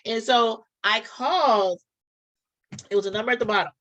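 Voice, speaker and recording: Woman, casual storyteller, lively, bright voice, slightly high. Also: normal speed, low-quality recording. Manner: animated, acts out both sides of calls. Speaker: podcast co-host telling a story.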